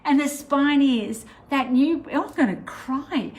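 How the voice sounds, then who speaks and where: A woman's voice: sits high, a little slow, rough recording. A middle-aged Australian woman, a spiritual teacher, chatting casually to camera, meandering with lots of fillers. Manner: chatty, meandering, warm and encouraging with many fillers.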